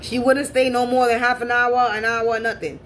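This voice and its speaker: A woman with a somewhat high voice tells a story from her own life in a casual, unscripted way. She is blunt and curses freely, and she circles back over the same points to hammer them home. Faint background noise sits under her voice. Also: level tone, moderate pace. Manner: blunt and profane, repeats herself for emphasis. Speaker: spiritual reader and channel host.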